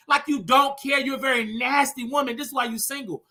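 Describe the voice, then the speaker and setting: A man in his thirties with a high, piercingly bright voice delivers a scolding commentary rant. He is sassy and dramatic, swinging from loud jabs to mock-polite asides. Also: steady tone, fairly quick, few pauses. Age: 30s. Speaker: show host. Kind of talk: ranting commentary.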